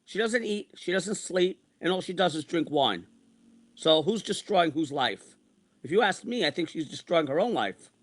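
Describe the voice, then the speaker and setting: A man in his sixties delivers a long venting rant, circling back to the same complaints again and again. His voice sits a touch high for a man, and he sounds worn out and exasperated. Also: expressive, moderate pace, a bit bright. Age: 60s. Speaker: online streamer. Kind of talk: ranting monologue.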